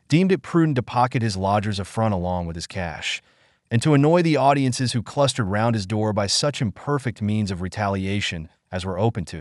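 A man narrating a classic novel in a measured, even storytelling manner. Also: lowish voice, no room sound, studio quality. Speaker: audiobook narrator.

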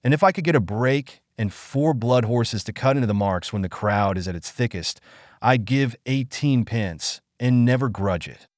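A man's voice: medium pitch, expressive, normal speed, no echo, clean studio sound, natural voice. A man reading aloud, voicing an irritable, scheming male lawyer who complains in exasperation. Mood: exasperated.

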